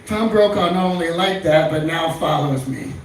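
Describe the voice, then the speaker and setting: Fairly high-voiced male comic, crude and rambling, heard from far off in a very echoey club room. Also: moderate pace. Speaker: stand-up comic. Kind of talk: stand-up comedy set. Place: small comedy club stage. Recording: echoey room, far-off mic, faint noise.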